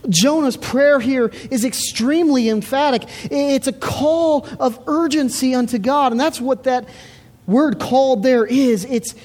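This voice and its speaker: A woman's voice: high-pitched, a little slow, darkish tone. A woman preaching a sermon in an earnest, emphatic way, repeating words as she builds her point. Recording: reverberant hall.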